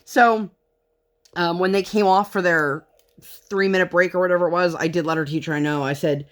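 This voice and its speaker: A woman's voice: on the low side, fairly even intonation, normal speed. Mom chatting away while she crafts, rambly, goes off on tangents. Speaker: vlogger and parent. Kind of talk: casual chat while crafting.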